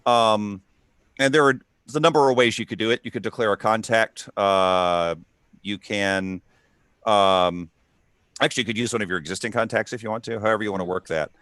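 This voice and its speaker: Male game master, low smooth voice, hesitant, dry close mic. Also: fairly quick, fairly bright tone, dry recording. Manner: hesitant, lots of ums and uhs. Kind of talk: running a tabletop role-playing game.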